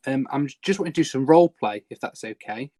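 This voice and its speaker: A man hosting a casual podcast chat, hesitant with fillers and quick laughs. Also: medium pitch, expressive, mellow, no room sound. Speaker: podcast host.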